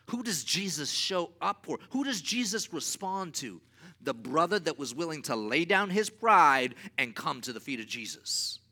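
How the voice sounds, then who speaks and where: A man preaching a sermon as pastor, with emphatic repeated refrains and swings from loud to quiet. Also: a little high.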